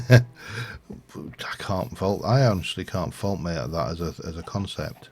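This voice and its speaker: A man with a low, gravelly voice talks his way through a game session, rambling and thinking aloud between fillers. His casual commentary comes through a noisy home stream recording. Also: animated, a little slow, a little mellow.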